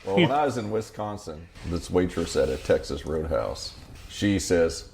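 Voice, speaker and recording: A man's voice: deep voice, very animated, moderate pace, vocal fry, darkish tone, slight background noise. A man from Idaho hosting a podcast in a garage, telling jokey stories and laughing often. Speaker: podcast host. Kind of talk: casual chat.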